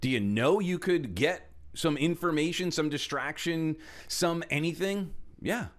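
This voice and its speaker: Animated male motivational speaker. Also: fairly high pitch, unhurried. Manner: animated, acts out quoted voices, swings from loud to hushed. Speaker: speaker and trainer. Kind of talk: motivational talk.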